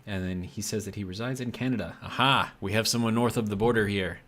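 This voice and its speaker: Low-voiced chatty American streamer man. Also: fairly even intonation, fast talker, fairly bright tone. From United States. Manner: rambling, reads chat aloud, many fillers. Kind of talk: casual live-stream chat.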